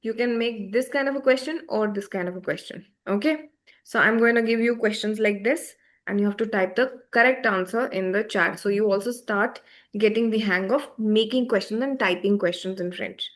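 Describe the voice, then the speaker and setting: A woman's voice: mid-range voice, moderate pace. A woman teaching a beginner French class online over a video call, patiently checking that her students follow. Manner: patient, checks often for understanding.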